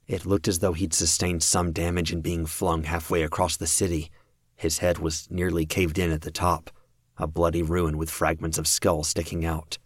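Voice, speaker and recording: A man narrating a fan audiobook in a steady, measured reading. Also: deep voice, husky, no echo, studio quality.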